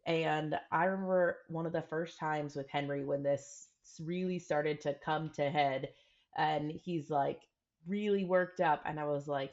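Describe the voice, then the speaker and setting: In a dull lo-fi recording, a woman co-hosting a podcast works through topics earnestly in casual conversation and frequently performs quoted examples. Her voice sits low and is a little mellow, with a steady tone and measured pace.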